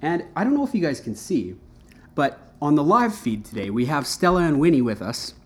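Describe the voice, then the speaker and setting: A man's voice: a little high, big pitch swings, a little fast. A man hosting a casual podcast, chatty and rambling, asking lots of questions and slipping into a radio announcer delivery at times. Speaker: podcast host.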